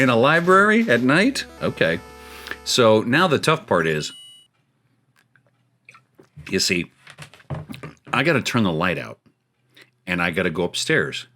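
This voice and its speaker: Low-voiced man telling a spooky story. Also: a bit bright. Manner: rambling, chuckling, with restarts. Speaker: show host. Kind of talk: casual spooky storytelling while gaming.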